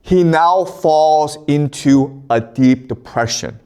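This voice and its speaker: A man's voice: a little high, slow, darkish tone, smooth. A man lecturing in a casual storytelling style, often checking in with "okay?". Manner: conversational, tags lines with "okay?".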